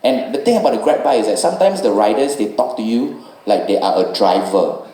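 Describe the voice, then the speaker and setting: A man's voice: mid-range voice, lively intonation, a little fast, dark tone, echoey room, rough recording. A man with a Singaporean English accent doing stand-up storytelling, loose and rambling with lots of "you know" tags. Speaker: stand-up comedian.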